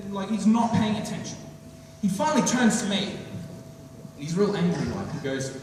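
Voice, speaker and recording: A man's voice: high-pitched, moderate pace, far from the mic, a little hiss or hum. Teen boy doing stand-up, echoey hall. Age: teens. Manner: animated storytelling, acting out lines. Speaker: student comedian. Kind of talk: stand-up routine. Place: school hall.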